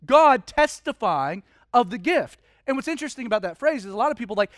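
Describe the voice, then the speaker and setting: A man's voice: extremely high pitch, animated, fairly quick, a bit bright, no echo, clean studio sound. A man preaching a sermon, telling a story vividly and dramatically with frequent restarts.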